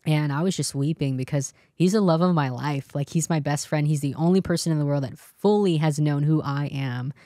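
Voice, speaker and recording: A woman's voice: sits low, fairly quick, few pauses, dark tone, dry recording, studio quality. Earnest woman sharing a personal testimony. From California. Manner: earnest, tells story with quoted dialogue. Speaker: interview guest.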